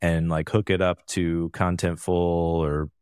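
A man with a notably low voice co-hosts a podcast, talking in a loose, rambling way with plenty of fillers and easy laughter. The sound is close and dry, with no room around it. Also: little pitch movement, unhurried, a little mellow, smooth, no room sound. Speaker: podcast co-host. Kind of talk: casual chat.

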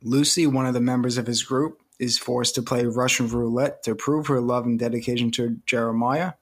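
A man co-hosting a podcast, explaining and summarizing in a steady way. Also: mid-range voice, normal speed, slightly rough. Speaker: podcast co-host. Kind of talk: casual podcast discussion and summary.

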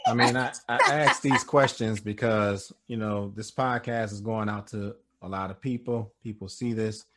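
A man hosting a podcast interview and asking questions in a measured, thoughtful way. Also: on the low side, fairly even intonation, a bit bright. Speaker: podcast host and high school educator.

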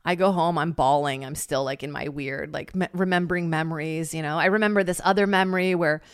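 Woman podcast host rambling thru a funny story, kinda low voice, swears a lot, dry close sound. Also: a little fast, clear, resonant tone, no echo. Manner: animated, swears freely, acts out quotes. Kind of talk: casual comedic storytelling.

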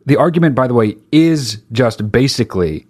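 A comedian doing a stand-up rant, talking in an exasperated, profane and rhetorical way. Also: male voice, medium pitch, lively intonation, normal speed, darkish tone.

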